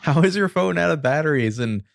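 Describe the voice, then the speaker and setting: A man co-hosting a casual podcast chat, making wry, joking interjections with a gravelly voice. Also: fairly high pitch, lively intonation, a little fast, dry recording, studio quality. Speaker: podcast co-host.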